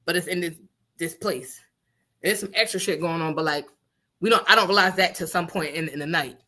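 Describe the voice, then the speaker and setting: A woman co-hosting a radio show, telling a story in casual chat, animated and swearing, laughing often and acting out what people said. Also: on the low side, fairly quick. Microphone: studio microphone.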